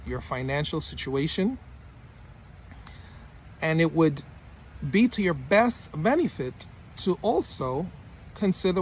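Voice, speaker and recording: Fairly high-voiced, emphatic male mentor. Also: a little hiss or hum. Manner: emphatic, repeats lines for punch. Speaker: study-abroad mentor. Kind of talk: motivational talk to camera.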